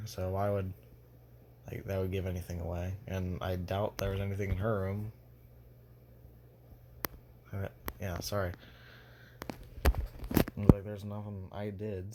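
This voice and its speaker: Young guy rambling thru a fan story, lots of likes and ums, low voice, faint hiss behind. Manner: rambling, heavy on fillers and restarts. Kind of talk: casual spoken fan story retelling.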